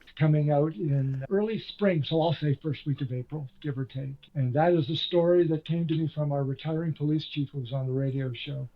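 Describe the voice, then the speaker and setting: The audio is dull, but the voice comes through fairly high and brisk: an older Canadian man who used to host radio and now writes books. As the author guest in a relaxed interview, he tells stories with self-deprecating humor.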